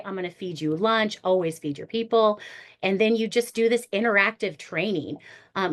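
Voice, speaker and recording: A woman therapist who leads ministry workshops, talking earnestly and with animated storytelling in a panel discussion. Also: on the low side.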